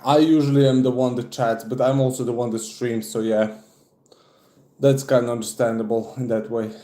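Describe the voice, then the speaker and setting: A man's voice: medium pitch, dark tone, roomy sound. A young man from Serbia chatting casually on a livestream, out of breath after push-ups and swearing often. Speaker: streamer.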